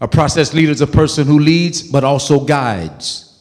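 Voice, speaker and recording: A male pastor with a high voice preaching in a church with a long, ringing reverb. He hammers points home by repeating phrases and swings between loud bursts and soft asides. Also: normal speed. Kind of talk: sermon.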